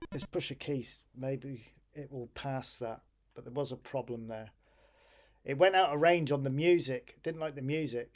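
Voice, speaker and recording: Tired male streamer, casual, self-talking commentary, mid-pitched voice. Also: fairly even intonation, moderate pace. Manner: tired, thinking aloud while waiting on a computer. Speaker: retro computing streamer.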